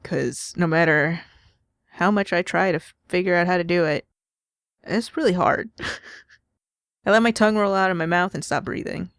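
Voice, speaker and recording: A woman's voice: lowish voice, normal speed, creaky, pauses often, fairly bright tone, no room sound, clean studio sound. A woman hosting a casual game playthrough, rambling and giggling often. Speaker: let's play host. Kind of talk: casual gameplay commentary.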